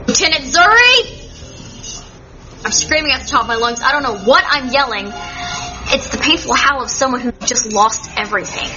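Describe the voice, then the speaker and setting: High-voiced woman reading dramatically. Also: dull audio. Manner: dramatic, indignant, expressive. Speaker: audiobook reader. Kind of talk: first-person fan fiction narration.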